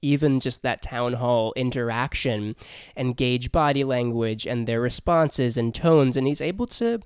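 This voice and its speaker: Male podcast host, clean dry close sound, lively and laughing through a book chat. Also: mid-range voice, moderate pace, clean tone, no room sound. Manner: animated, laughs often while describing. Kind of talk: casual book discussion.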